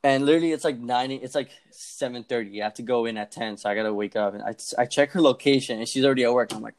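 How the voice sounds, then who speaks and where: Young male podcast co-host, rapid casual storyteller, profane, mimics others. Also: mid-range voice. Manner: fast, profane, acts out quoted voices.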